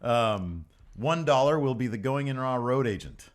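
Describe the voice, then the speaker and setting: A man's voice: mid-range voice, moderate pace. A man co-hosting a podcast livestream, chatting casually and joking around, sometimes singing bits of songs. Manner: joking, animated, sings snatches of songs. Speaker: podcast co-host.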